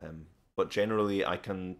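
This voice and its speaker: A Scottish man chats on his live stream in a very deep voice. He answers viewers one by one, relaxed and unhurried, stopping often to restart his sentences. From Scotland. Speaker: live stream host teaching English and learning Korean. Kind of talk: casual live stream chat.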